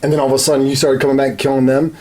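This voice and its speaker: A man in casual studio chat, giving a relaxed, profane blow-by-blow of an online match. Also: mid-range voice, very fast. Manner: blow-by-blow recounting, laid-back and profane. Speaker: podcast co-host.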